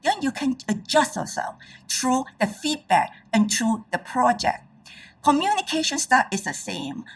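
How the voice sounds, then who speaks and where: Woman public speaking trainer, lively high voice, husky, mic set some way off; emphatic, checks in with listeners. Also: normal speed, distant mic, poor audio. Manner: emphatic, checks in with the audience often. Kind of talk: presentation to an audience.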